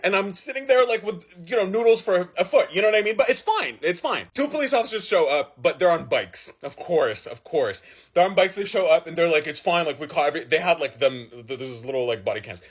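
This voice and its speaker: A young man telling a personal story in a casual, animated way, with lots of fillers and swearing. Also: on the high side, husky. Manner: animated, dramatic storytelling with frequent laughs and swearing.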